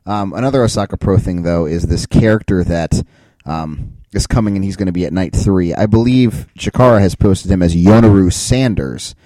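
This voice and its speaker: A man's voice: low-pitched, dark tone, no echo. A man co-hosting a podcast in casual chat, laid-back and hedging his points with questions. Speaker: podcast co-host.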